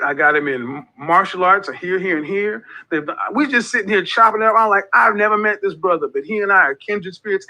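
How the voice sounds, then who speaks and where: A man's voice: high-pitched, sharp tone, poor audio. A man in his forties hosting a casual monologue, talking emphatically and repeating phrases like a preacher. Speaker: host of a men's group talk.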